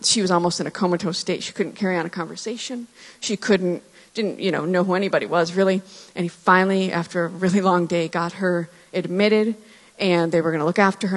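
A woman in her thirties giving a personal testimony in church, earnest and reflective, with pauses and restarts. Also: lowish voice. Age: 30s. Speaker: church speaker sharing testimony. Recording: hall reverb.

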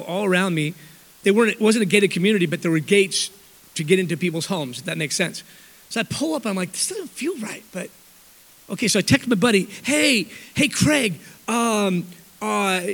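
Speaking in a high, slightly bright voice, a man tells a church audience a rambling story that pokes fun at himself. He often corrects himself mid-sentence, and a long hall reverb hangs on the recording.

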